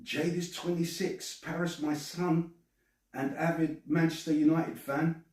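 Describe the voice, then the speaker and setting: A man's voice: a little high, little pitch movement, unhurried, a little mellow, heavy reverb, distant mic, low-quality recording. Rambling English man on a live stream. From England. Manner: rambling, stammering, chatty. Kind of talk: casual live chat reading comments. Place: at home, alone.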